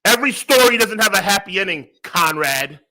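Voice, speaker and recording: A man's voice: high-pitched, animated, a little fast, pushed and bright, voice pushed up, heavily acted, poor audio. A man playing a smug, arrogant heel wrestler persona who rants and repeats himself. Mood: smug ranting. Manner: ranting, self-righteous, repeats himself.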